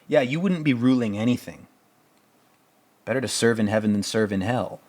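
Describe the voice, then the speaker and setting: A man's voice: lowish voice, brisk, long pauses, a little mellow. Sarcastic, swearing man doing film commentary. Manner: rambling, profane and sarcastic, often laughing. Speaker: podcast host reviewing a film.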